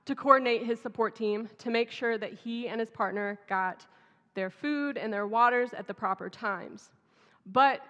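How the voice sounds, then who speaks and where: A woman's voice: a little high, sharp tone. Woman pastor, chatty sermon, dull audio with long church reverb. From Texas. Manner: storytelling, conversational and humorous. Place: church sanctuary.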